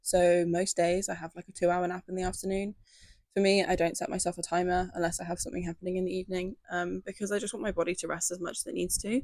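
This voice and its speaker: A young woman talks to her viewers in a relaxed, gentle way, padding her sentences with fillers. Her voice has a gravelly, fry-tinged texture. The sound is close and dry, with no room echo. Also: fairly low pitch, quick pace. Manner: chatty and gentle, many "like" and "um" fillers. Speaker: lifestyle video creator. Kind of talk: casual talk to camera.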